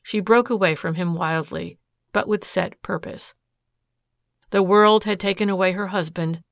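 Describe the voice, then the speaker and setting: A woman giving a steady scripted narration of a classic detective story. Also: mid-range voice, unhurried, creaky, dry recording, clean studio sound. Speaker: audiobook narrator.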